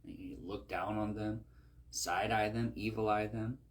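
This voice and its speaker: A man's voice: lowish voice, fairly even intonation, a little slow. A man preaching a conversational sermon, often asking "right?" as he talks.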